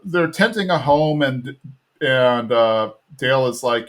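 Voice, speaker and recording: A man's voice: medium pitch, expressive, slow pace, a bit bright. A man hosting a podcast, casually recapping a cartoon episode and acting out its characters. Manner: retells scenes, acting out characters. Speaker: podcast host.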